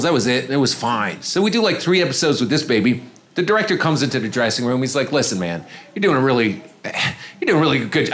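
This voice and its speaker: Male comic on a club stage, talky and loose, drops his voice low for other people's lines. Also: fairly bright tone. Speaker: stand-up comedian. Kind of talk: stand-up storytelling. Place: comedy club stage with audience.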